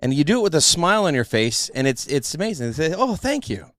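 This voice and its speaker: Animated storytelling man, podcast host. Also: a little high, fast, no echo, studio quality. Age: middle-aged. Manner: animated storyteller, acts out quotes. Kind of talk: casual chat.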